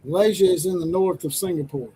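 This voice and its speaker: A man's voice: high voice, fast, mellow, breathy edge, poor audio. A man co-hosting a live sports watch party stream, laid-back as he reads viewer comments aloud. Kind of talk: casual live-stream chat.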